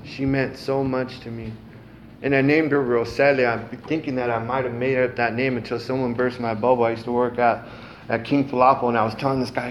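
A man's voice: mid-range voice, level tone, brisk, a little hiss or hum. A middle-aged man giving a casual, salty personal testimony at a recovery meeting, peppered with "man" and "um". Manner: casual, frequent "man" and "um", cusses freely.

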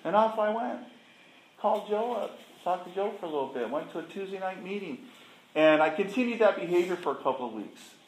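In a meeting room before an audience, a middle-aged man shares his recovery story at a support meeting in a high-pitched, animated, brisk voice. Plainspoken and self-deprecating, he acts out past conversations with laughter, his candid testimony carrying roomy echo and faint ambience.

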